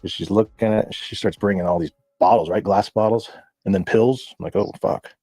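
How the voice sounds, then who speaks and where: A man from Southern California, a guest, telling a profane, animated story in casual talk and acting out the voices of people he quotes. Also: fairly low pitch, brisk, breathy edge, dry recording.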